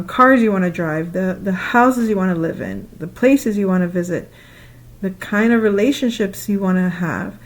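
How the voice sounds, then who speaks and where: A woman talking casually in a spiritual monologue, animated and playful, acting out her own past thoughts with laughing asides and long loose lists. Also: medium pitch. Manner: repetitive listing, loose conversational phrasing. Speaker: spiritual speaker.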